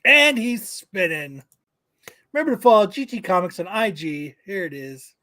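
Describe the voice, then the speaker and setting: A man chats as a comic podcast host in a high register, tossing in crude jokes. The sound is dry and close to the mic. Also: lively intonation, moderate pace, bright, forceful tone, no room sound. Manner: profane, joking, reads news aloud. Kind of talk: casual comic podcast banter.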